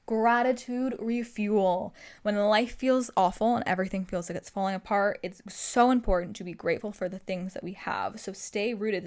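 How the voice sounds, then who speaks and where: A young woman hosting a self-improvement show, giving animated motivational advice and acting out her own inner voice. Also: mid-range voice. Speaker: self-improvement podcast host.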